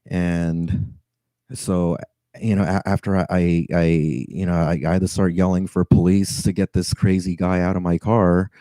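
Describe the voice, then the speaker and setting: A man's voice: sits low, level tone, moderate pace, warm tone, no room sound, rough recording. A man who drives for a rideshare service, telling a story to camera in an agitated, stammering way, sighing and swearing, on edge.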